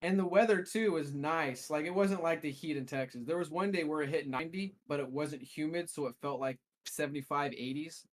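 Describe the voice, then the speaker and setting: A man's voice: a little high, fairly quick, few pauses. A man telling a long, rambling story as a co-host in a casual podcast chat. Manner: rambling storyteller, restarts often.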